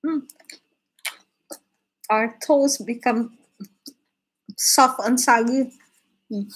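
A woman's voice: a little high, darkish tone, slightly rough, poor audio. A woman hosting a live drawing stream, chatting casually with viewers, laughing often and restarting her sentences.

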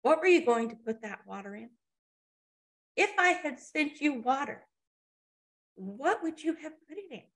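A woman's voice: high voice, expressive, takes it slowly, hardly any pauses, dark tone, pitched above the performer's own voice, full character voice. A woman voicing an all-powerful god who scolds a foolish man in a sarcastic, exasperated way. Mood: scolding.

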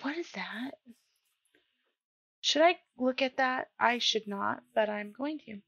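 A woman's voice: a little high, takes it slowly, vocal fry, a bit bright, no room sound. A woman streaming a video game, talking to herself in casual commentary and startling easily. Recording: dull lo-fi mic with faint music.

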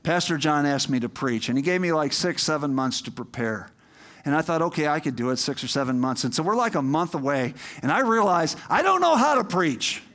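High-voiced preaching pastor, conversational and rousing. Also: male voice, a little fast, a bit bright. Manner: conversational, emphatic, builds to rousing appeals. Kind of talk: sermon.

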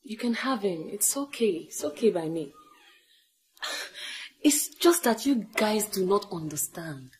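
A woman's voice: mid-range voice, expressive, measured pace, a little mellow, reverberant, close to an everyday voice, poor audio. An actress with a Nigerian accent playing a proud, money-minded young female student who talks bluntly and defensively. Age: young adult. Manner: blunt, defensive, hesitant restarts. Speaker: university student. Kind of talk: Nollywood film acting.

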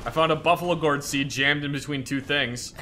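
A man's voice: fairly high pitch, fairly quick, pushed and bright, slight background noise. A man giving playful, casual commentary on a game and reading game texts aloud.

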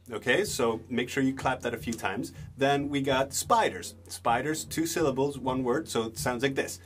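A young man teaching a beginner drum lesson, relaxed, chanting rhythm words slowly as he claps and plays. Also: mid-range voice, heavy background noise. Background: drums and backing music.

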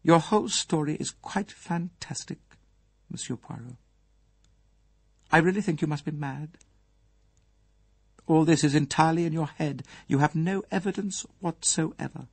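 A man voicing an elderly proud English lady, a grieving mother, who speaks hoarsely and with trembling emotion in an audiobook reading. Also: high voice, takes it slowly, long pauses, no echo, pitched above the performer's own voice, full character voice. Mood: cold, scornful. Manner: formal, remote, trembling with emotion.

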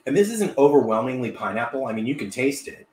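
A man's voice: medium pitch, expressive, fast talker, darkish tone. Man, middle-aged, cooking show host, chatty, reads out comments, roomy home kitchen. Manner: chatty, upbeat, reads viewer comments aloud. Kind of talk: live stream chat.

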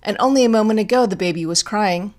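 A woman reading an audiobook, voicing a terrified young mother who pleads in high, loud, stammering bursts. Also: a little slow. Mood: frantic pleading. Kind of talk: audiobook character voice.

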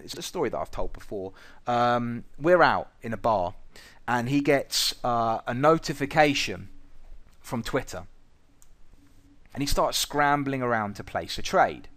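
A man teaching traders in a blunt, profane way, telling stories from his own trading. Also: mid-range voice. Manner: blunt and profane, lively storytelling. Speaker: trading educator. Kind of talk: recorded trading lesson with anecdotes.

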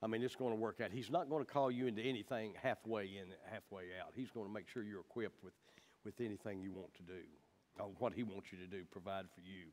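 A man's voice: on the low side, fairly even intonation, fast talker, a little mellow. A man teaching the Bible in a folksy, emphatic way, with personal stories.

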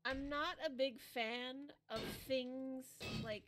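High-voiced woman, teasing co-op gamer, casual. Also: steady tone, takes it slowly, a bit bright, slight background noise. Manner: teasing, playful. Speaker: co-op streamer. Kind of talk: casual chat while gaming.

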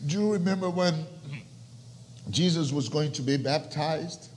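A young man preaching a sermon with a fairly high voice that rings out in a big hall with a long reverb. He drops to hushed, almost whispered lines, then surges into loud, soaring passages. Faint ambient noise sits under the sound. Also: measured pace. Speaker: pastor.

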